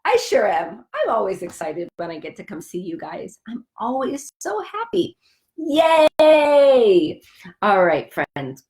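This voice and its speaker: A young woman hosting a children's story time, speaking in a slow, sing-song, exaggerated way for young kids. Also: on the high side, huge pitch swings, darkish tone. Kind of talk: children's sing-along lesson.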